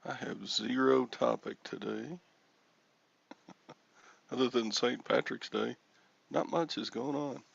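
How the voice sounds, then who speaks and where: A man's voice: medium pitch, steady tone, slow, gravelly, long pauses, husky. A man in his sixties hosting a live stream in casual, rambling chat with an easygoing manner, on a dull lo-fi home recording.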